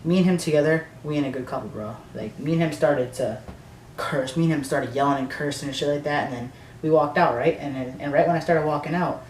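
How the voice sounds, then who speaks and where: A man's voice: a little high, fairly quick. A man telling a storytime rant for his vlog, rambling and swearing, full of filler words and restarts. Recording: echoey room, distant mic, faint noise.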